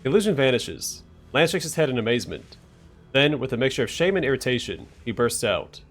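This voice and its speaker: A man's voice: mid-range voice, sing-song, brisk, fairly bright tone. A man hosting a game playthrough, reading the narration aloud and mumbling asides. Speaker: let's play host. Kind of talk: reading game text aloud with casual commentary.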